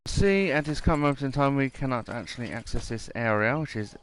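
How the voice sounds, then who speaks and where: A man's voice: mid-range voice, expressive, a little fast, fairly bright tone, slight background noise. A man giving casual, rambling gameplay commentary and reading mission text aloud.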